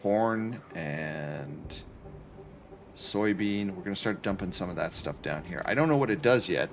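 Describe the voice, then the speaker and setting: A Canadian streamer jokes around with his chat while gaming from his apartment, his low voice animated yet measured, with vocal fry and a faint hiss or hum. It's casual livestream commentary, chatty and playful throughout.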